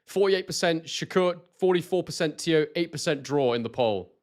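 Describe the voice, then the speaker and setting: His voice on the high side and his speed normal, a young Scot with a London-like southern English accent runs a live boxing stream. He keeps the commentary casual and gets excited reading out the chat.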